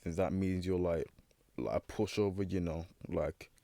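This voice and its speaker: A young man, his low voice picking its way through a personal story. He talks hesitantly, stacking fillers and restarts as he searches for words. The sound is close and dry, with no room around it. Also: fairly even intonation, moderate pace, creaky, dark tone, no room sound. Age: teens. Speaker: young guest.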